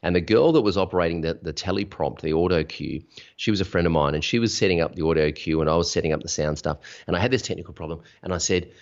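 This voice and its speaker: A man talks frankly as a podcast guest, sharing personal stories and upbeat advice. His voice sits very low. The sound is a little dull and lo-fi. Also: fast talker. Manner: frank, storytelling, motivational. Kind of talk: candid interview conversation.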